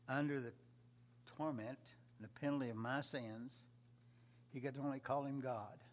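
Male preacher, mid-pitched, delivers a sermon with big loud swells and quiet drops over a faint hum. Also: fairly even intonation, moderate pace.

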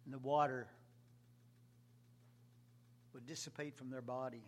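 A man preaching a sermon, shifting from soft, quiet lines to loud, rising cries. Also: medium pitch, little pitch movement, unhurried, slight background noise. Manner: preaching with sudden loud swells and soft drops.

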